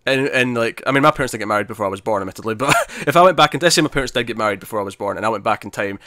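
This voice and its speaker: A man's voice: lowish voice, animated, racing, sharp tone, no echo, clean studio sound. A man co-hosting a podcast in casual chat, chatty and laughing often, acting out quotes as he talks. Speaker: podcast co-host.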